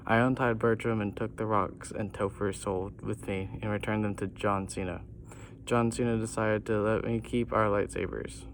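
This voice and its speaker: A man reading his own goofy comic story aloud, poking fun at himself as he goes. His voice sits on the low side, with a faint hiss in the background. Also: steady tone, normal speed.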